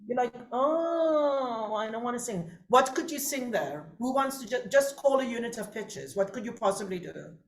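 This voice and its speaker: A woman coaching singers in a masterclass, lively and chatty with quick asides to her students. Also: fairly high pitch, gravelly. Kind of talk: masterclass teaching.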